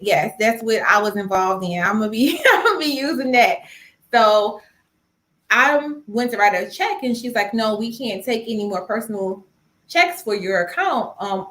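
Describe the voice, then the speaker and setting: A young woman tells her story to a live audience in a loose, conversational way, voicing the other people in it as she goes. Her voice sits at an average pitch. The room gives a noticeable echo. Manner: animated storytelling, acting out quoted dialogue. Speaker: host of a personal finance live stream. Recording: roomy echo.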